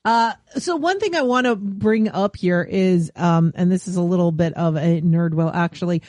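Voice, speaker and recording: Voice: medium pitch, darkish tone, no room sound. Chatty podcast co-host, dry close voice. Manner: quick, chatty asides. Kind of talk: casual chat.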